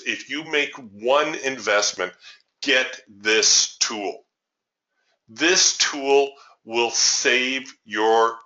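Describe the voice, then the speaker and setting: A man's voice: mid-range voice, sharp tone. A man teaching a trading webinar over a chart, talking emphatically and asking the audience rhetorical questions. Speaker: trading educator. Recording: muffled lo-fi webinar audio.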